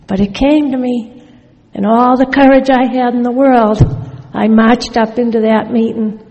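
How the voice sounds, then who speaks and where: A woman's voice: on the high side, steady tone, measured pace, darkish tone, long reverb tail, highs cut off. A woman sharing her recovery story in a wry, storytelling way, acting out remembered conversations. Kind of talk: personal testimony talk.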